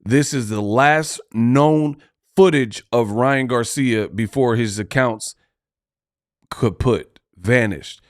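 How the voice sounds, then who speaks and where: A man's voice: mid-range voice, no echo, clean studio sound. A man hosting a boxing commentary video, talking in a loose, conversational way and drawing out his lines. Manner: loose, conversational, drawn-out delivery.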